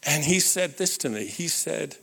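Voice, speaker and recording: A middle-aged pastor tells a story from the pulpit in a slightly higher-than-usual man's voice. He checks in with his listeners and often restarts his sentences. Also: normal speed, vocal fry, slightly rough. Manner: animated personal storytelling with frequent restarts and audience asides. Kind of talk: sermon storytelling.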